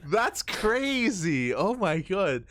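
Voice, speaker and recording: Male caster, casual live commentary, rambling and giggly, very animated pitch. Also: drawn-out words, over a noisy crowd. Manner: laughs often, excitable and rambling. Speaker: esports caster.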